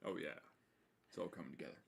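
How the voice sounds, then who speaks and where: A man co-hosting a casual livestream, talking in a dry, low-key way and reading jokes deadpan. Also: quick pace. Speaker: livestream co-host.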